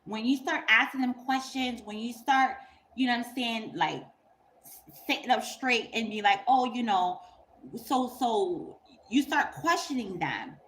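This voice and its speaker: A woman's voice: fairly high pitch, lively intonation, measured pace, fairly bright tone, a little hiss or hum. A woman on her own channel, telling a story in casual, profane, emphatic talk and laughing through it. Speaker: YouTuber.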